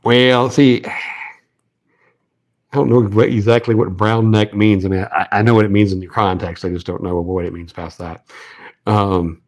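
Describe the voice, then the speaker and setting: Tying rigs for his fishing channel, this man from the American South chats in a lowish, fairly even voice at a moderate clip, leaving long pauses. His talk wanders, full of fillers, restarts, and self-deprecating asides.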